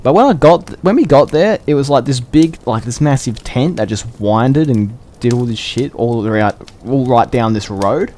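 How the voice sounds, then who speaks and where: A man telling a story to the camera in a loose, excited way, full of swearing and restarts. His voice sits at an ordinary middle pitch. He talks casually, like a vlogger chatting to his viewers. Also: normal speed, few pauses, a little hiss or hum. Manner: animated, profane, rambling.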